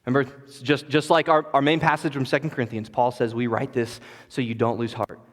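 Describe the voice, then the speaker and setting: A male pastor preaching a sermon, rising to loud emphatic lines and dropping to hushed, quiet passages. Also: medium pitch, level tone, a little fast. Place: church sanctuary. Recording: long hall reverb of a church.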